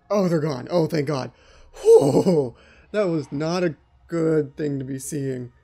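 A man's voice: a little high, expressive, a little slow, vocal fry, mellow, husky, faint music behind. A man hosting a let's play, giving jittery, frightened commentary on a horror game and talking to himself.

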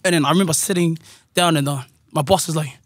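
Kiwi guy on a podcast, husky high-ish voice, slangy and animated, dry close sound. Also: quick pace, no room sound. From New Zealand. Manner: animated, slangy, laughs often. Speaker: podcast guest. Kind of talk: casual storytelling chat. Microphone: studio podcast mic.

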